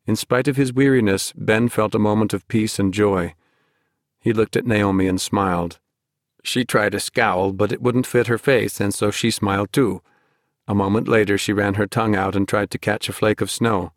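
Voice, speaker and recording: A man narrating an audiobook in a measured storytelling manner, close to the microphone. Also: fairly low pitch, steady tone, no room sound. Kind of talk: scripted narration.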